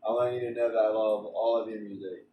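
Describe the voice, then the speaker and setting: A man's voice: lowish voice, fairly even intonation, fast talker, dark tone, roomy sound, distant mic, a little hiss or hum, rough recording. A man streaming a game, chatting in a rambling way with frequent restarts and stammers. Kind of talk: casual rambling chat during a game stream.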